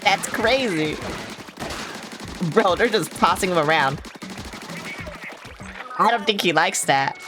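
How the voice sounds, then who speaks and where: A young woman with a notably low, dark-toned voice streams a video game. She rambles casually, swears freely and reacts with dramatic exclamations. Game music plays clearly under her voice. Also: animated, takes it slowly, long pauses. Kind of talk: casual gaming livestream chat. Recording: music playing over the voice.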